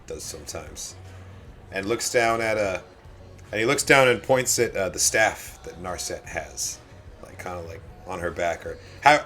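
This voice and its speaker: A man's voice: sits low, a bit bright. A man as a tabletop game player, describing his moves in a hesitant, rambling way. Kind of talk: casual game table chat.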